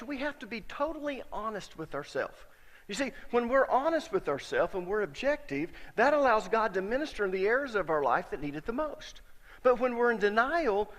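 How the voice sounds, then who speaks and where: High-voiced preacher in a reverberant hall. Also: male voice. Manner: storytelling, conversational, with sudden loud emphasis. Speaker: pastor. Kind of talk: sermon.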